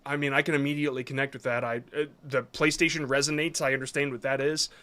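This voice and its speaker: A man's voice: medium pitch, steady tone, fast, bright, forceful tone. A man reviewing viewers' short videos on a live stream, talking casually and rambling a bit as he gives frank advice.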